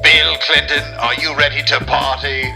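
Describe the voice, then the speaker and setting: A man's voice: a little high, level tone, normal speed, vocal fry, music in the background. A man hosting an improvised comedy sketch, playing a bossy, theatrical scheming boss. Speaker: host.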